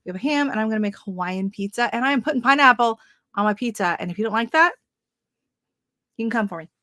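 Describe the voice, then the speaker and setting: A woman's voice: on the high side, animated, fast talker, pushed and bright, no room sound, studio quality. A woman in her thirties from Canada hosting a casual gardening livestream, telling stories with lots of fillers and frequent laughs into a webcam at home. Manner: chatty storyteller, laughs often, many fillers. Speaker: gardening channel host.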